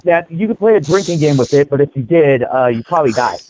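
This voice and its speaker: A man co-hosting a casual online hangout show, excitable and rambling with many fillers. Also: fairly high pitch, fast talker, slight background noise. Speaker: co-host. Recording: dull lo-fi mic.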